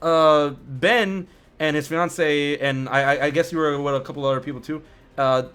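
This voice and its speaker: Podcast host, man: fairly high voice, excitable, slangy, laughs a lot. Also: normal speed, smooth. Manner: excitable, laughs often, lots of fillers like "yo". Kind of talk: casual podcast chat.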